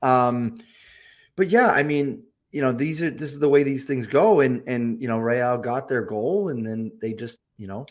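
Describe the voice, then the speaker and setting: A man co-hosting a football podcast, talking casually and breaking down matches in a measured, agreeable way. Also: mid-range voice. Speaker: podcast co-host.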